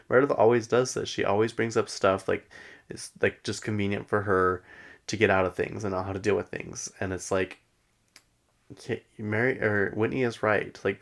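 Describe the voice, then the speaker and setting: A man hosting a podcast, chatting casually and excitably as he recaps a reality show, with many "like" fillers. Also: fairly low pitch, moderate pace, vocal fry. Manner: rambling and excitable, many "like" fillers, laughs often. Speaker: podcast host.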